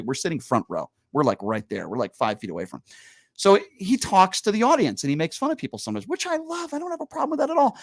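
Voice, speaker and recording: Male radio host, lively storyteller with a very varied pitch, dry close studio sound. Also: fast talker, dry recording. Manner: animated storyteller, quotes people in raised voices. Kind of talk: casual studio chat, storytelling.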